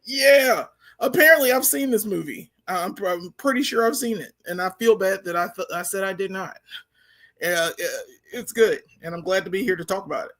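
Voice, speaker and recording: A man on a movie review panel, speaking casually with halting restarts. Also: high voice, a bit bright. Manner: halting, self-correcting.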